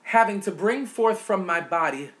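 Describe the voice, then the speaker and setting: A woman's voice: mid-range voice, animated, normal speed. A woman vlogger delivering an impassioned, indignant opinion rant, repeating words for emphasis.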